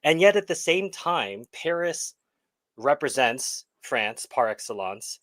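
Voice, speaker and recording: An American man co-hosting a relaxed live chat, his voice bright and forward. The sound is dry and close, with no room around it. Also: medium pitch, slow pace, no room sound. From United States. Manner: chatty, reflective, playful asides. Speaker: co-host.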